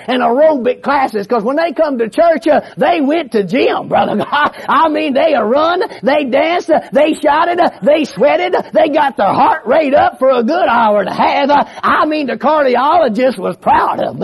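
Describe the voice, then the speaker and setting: A Georgia-accented male preacher delivers a rousing, folksy Pentecostal sermon. He jokes, peppers his talk with amens and breaks into shouts. His voice sits very high for a man. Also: creaky. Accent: Southern US, Georgia. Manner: folksy, joking, frequent amens, bursts into shouts. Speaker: pastor, preacher.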